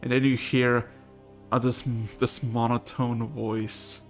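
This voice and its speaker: A man's voice: mid-range voice, little pitch movement, takes it slowly, soft background music. A man narrating as game master of a tabletop game, laid-back and casually swearing.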